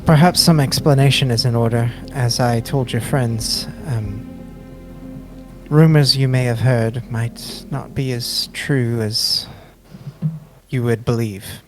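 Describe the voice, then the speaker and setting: A man voicing a formal, courteous male elf native, speaking in a measured way. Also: medium pitch, fairly even intonation, soft background music, close to an everyday voice.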